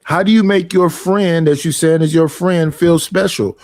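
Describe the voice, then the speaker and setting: Blunt, animated man in a casual discussion. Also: on the high side, normal speed, dry recording.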